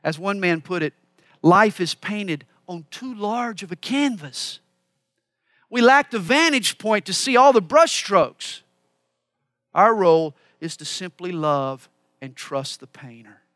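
A man with a high, bright voice delivers a sermon, working through scripture verse by verse and stopping to explain it. The sound is dry and close. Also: lively intonation, takes it slowly, dry recording. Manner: expository Bible teaching with asides. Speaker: preacher.

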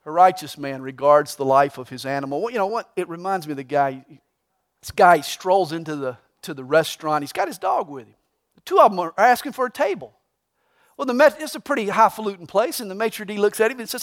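Pastor, male, high voice, reads verses then explains them with folksy humor. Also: a little fast. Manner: preaching with humor, tells a joke with rising excitement. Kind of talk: sermon.

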